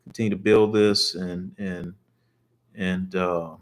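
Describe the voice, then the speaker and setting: Deep-voiced older man hosting. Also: little pitch movement, slow pace. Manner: easygoing, encouraging, with many fillers. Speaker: host. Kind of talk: casual talk show chat.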